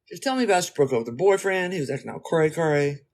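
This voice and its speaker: A man talking casually, telling a story in an animated, slangy, rambling way and speaking straight to his listeners. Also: a little high, racing.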